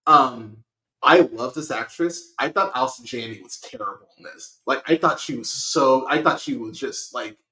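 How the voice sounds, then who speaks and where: Animated, profane man ranting in an echoey room. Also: mid-range voice, moderate pace. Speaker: podcast host. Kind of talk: casual movie review chat.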